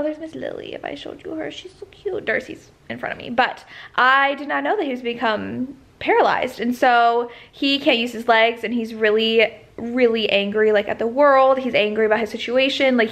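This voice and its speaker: A woman's voice: on the high side, vocal fry, fairly bright tone. A young woman and teacher chatting casually at home in a reading vlog, enthusiastic and full of fillers. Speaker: book vlogger.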